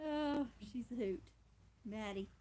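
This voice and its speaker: A woman's voice: a little high, slow, mellow, slight background noise. A woman hosting a casual homestead livestream, chatting in a rambling way and laughing often. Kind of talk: casual chat.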